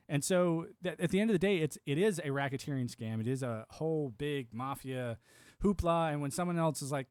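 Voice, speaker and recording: A man's voice: fairly high pitch, fairly quick, dry recording. Rambling American man, dry close mic. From United States. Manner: animated, acts out quoted voices, filler-heavy. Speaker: livestream host. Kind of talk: casual rambling monologue.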